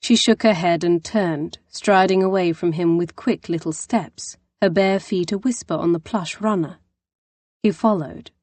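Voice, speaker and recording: A woman narrating an audiobook in a measured storytelling manner. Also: lowish voice, a little mellow, no echo. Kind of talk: scripted narration.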